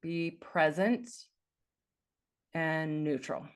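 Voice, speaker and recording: A woman's voice: low-pitched, very slow, clean tone. A woman life coach giving an earnest, encouraging talk, repeating phrases for emphasis.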